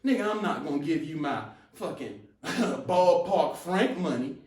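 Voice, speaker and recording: Laughing stand-up comic in an echoey room. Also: male voice, a little high, lively intonation, measured pace, distant mic. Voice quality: loud, laughs through his punchlines, slips in impressions. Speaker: stand-up comedian. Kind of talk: stand-up comedy set.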